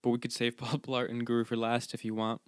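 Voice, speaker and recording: Man podcast co-host, relaxed and encouraging, dry close-miked sound. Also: medium pitch, brisk, smooth, dry recording. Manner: laid-back, encouraging listener. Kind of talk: casual chat.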